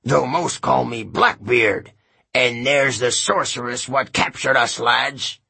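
A hulking storybook pirate captain, voiced by a man reading aloud growls slow, heavy lines. The voice is rough and husky, with bellowing force. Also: medium pitch, pushed and bright, no echo, exaggerated voice. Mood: gruff. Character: gruff big male pirate captain.

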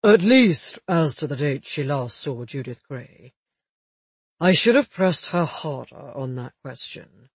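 A man reading as a wry, husky police detective. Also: a little high, lively intonation, no echo, full character voice. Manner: measured, wry, matter-of-fact. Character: shrewd, dry-humoured male police detective. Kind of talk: audiobook dialogue reading.

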